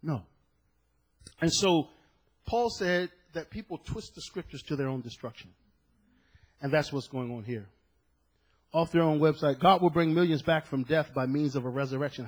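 Impassioned preacher, husky man's voice. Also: fairly high pitch. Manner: impassioned preaching, swinging from hushed to shouting. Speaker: pastor. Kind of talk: sermon. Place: church.

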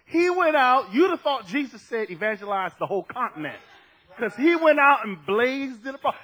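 A man preaching a fervent sermon, dropping low and then shouting as he acts out scripture. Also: sing-song, normal speed, rough recording.

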